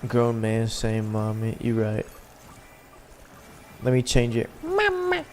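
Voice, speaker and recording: While he plays, a livestream host chats easily with his audience in a laid-back gaming stream. His lowish voice is monotone, slow and dark-toned, with a little hiss or hum in the background.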